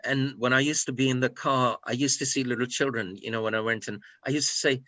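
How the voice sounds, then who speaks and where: A man's voice: mid-range voice, fairly even intonation, quick pace, few pauses, bright, forceful tone, no room sound. A middle-aged man from Pakistan, a guest in an interview, talking in a heartfelt way, often repeating himself and restarting. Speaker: guest, food and hospitality consultant. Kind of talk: personal interview conversation.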